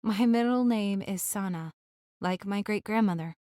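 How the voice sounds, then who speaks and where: Gentle woman reading a romance audiobook. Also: medium pitch, normal speed, no room sound, studio quality. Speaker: audiobook narrator. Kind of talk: scripted first-person romance narration.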